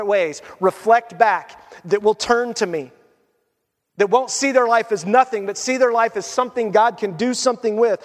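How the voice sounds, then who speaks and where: A man preaching a sermon as pastor, reading scripture aloud and moving from animated storytelling to hushed appeals. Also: high voice. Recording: hall reverb.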